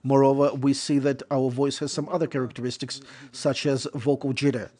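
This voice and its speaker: Guy talking through a lecture, mid-pitched voice, steady explaining, repeats himself, fixes his words as he goes. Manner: measured explanatory delivery with restatements and self-corrections. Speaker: lecturer on interpreting. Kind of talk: lecture voice-over.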